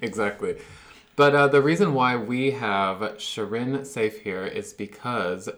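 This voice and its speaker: A man's voice: mid-range voice, measured pace, a bit bright. A man hosting a podcast, interviewing a guest in an upbeat, casual way. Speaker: podcast host.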